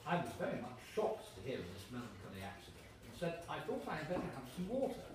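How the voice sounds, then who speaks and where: A man giving a live reading at an evening event in a gallery, animated and stopping for fillers and restarts as he explains. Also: medium pitch, fast. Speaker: reader. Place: gallery room. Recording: echoey room, mic at a distance, faint noise.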